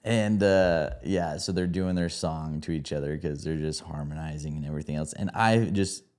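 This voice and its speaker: A man with a very low, mellow voice co-hosts a movie review podcast. He talks in a loose, rambling way, full of "like" and "you know", and laughs easily. The feel is an easygoing chat between friends. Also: moderate pace. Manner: laughs often, rambling with many fillers.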